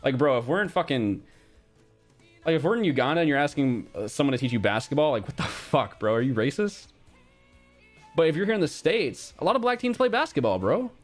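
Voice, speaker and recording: A man's voice: mid-range voice, very animated, fairly quick, soft background music. A young man streaming casually, reacting bluntly to a quiz with frequent swearing and reading out chat.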